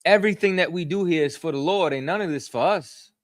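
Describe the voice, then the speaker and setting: A man's voice: on the high side, fast talker, dry recording. Slangy man teaching scripture, dry sound. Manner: street slang, frequent "you know what I'm saying". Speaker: teacher leading scripture study. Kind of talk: casual teaching.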